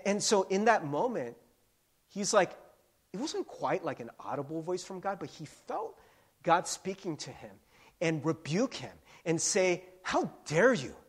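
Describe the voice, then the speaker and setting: A man's voice: on the high side, husky. A man preaching a sermon in a church, earnest and conversational, with many restarts and fillers. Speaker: pastor. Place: church sanctuary.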